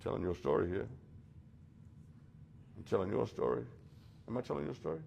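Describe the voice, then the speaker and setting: A man's voice: mid-range voice, lively intonation, normal speed, vocal fry, a little mellow, muffled recording, a little hiss or hum. A man leading a rehab group, giving a blunt, confronting talk that speaks straight to his listeners and acts out the voices he quotes. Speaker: rehab program leader speaking to residents.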